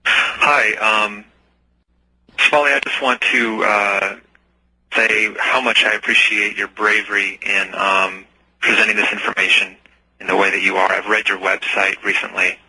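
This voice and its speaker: A man calling in to a radio show, speaking hesitantly with pauses and fillers. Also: lowish voice, level tone, pushed and bright, husky, no echo, low-quality recording. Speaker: caller. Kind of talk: call-in question.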